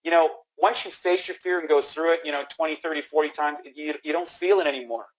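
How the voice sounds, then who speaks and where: A man giving an energetic sales training talk, acting out phone dialogue with frequent restarts. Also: fairly high pitch, quick pace, rough recording. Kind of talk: instructional talk.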